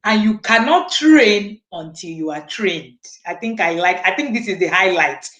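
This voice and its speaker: A woman's voice: mid-range voice, animated, moderate pace, fairly bright tone. A woman with a mid-range voice moderates a panel discussion, reflective and encouraging, picking up on what others said. Her voice carries a noticeable room echo. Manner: reflective, affirming, with many hums of agreement. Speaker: host and moderator.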